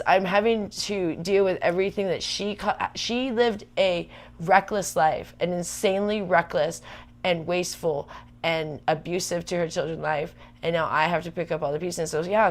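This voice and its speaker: A woman venting fast and emphatically in a casual livestream chat. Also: fairly low pitch. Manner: ranting, worked up, fast and emphatic. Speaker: livestream vlogger.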